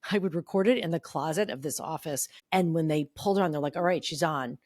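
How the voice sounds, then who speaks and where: A woman in her fifties, a podcast guest chatting casually and telling stories in an animated way, acting out the voices of the people she quotes. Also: sits low, quick pace, no echo, studio quality. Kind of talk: casual chat.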